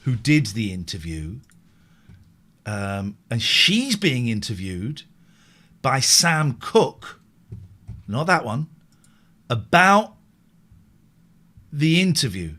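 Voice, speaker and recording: A man hosting a late-night live-stream show, chatting casually in a rambling, animated way and often correcting himself. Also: medium pitch, slow, pauses often.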